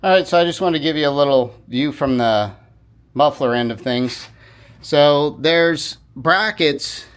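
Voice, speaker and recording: A man giving a casual how-to walkthrough of a repair, talking informally with quick self-corrections and apologetic asides as he works. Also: on the high side, a bit bright. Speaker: DIY repair video host.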